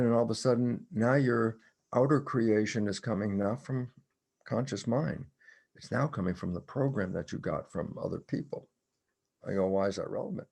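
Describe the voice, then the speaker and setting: Gravelly older man, animated storyteller. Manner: animated storytelling, acts out his own dialogue with sudden high bursts. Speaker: guest, cell biologist. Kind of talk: conversational explanation in a podcast interview.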